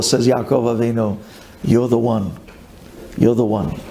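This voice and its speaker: A man, a rabbi, giving a sermon dramatically, swinging from loud pleading to hushed intensity. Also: medium pitch.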